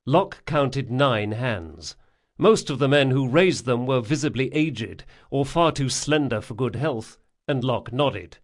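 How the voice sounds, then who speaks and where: A man's voice: medium pitch, animated, slow pace. A man reading a fantasy novel aloud as a scripted audiobook narration.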